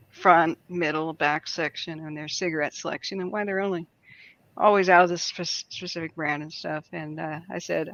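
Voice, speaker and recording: Woman, guest, casual storytelling, animated, laughs a lot, bright voice, dull lo-fi sound. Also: fairly low pitch. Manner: animated, laughs often while telling stories.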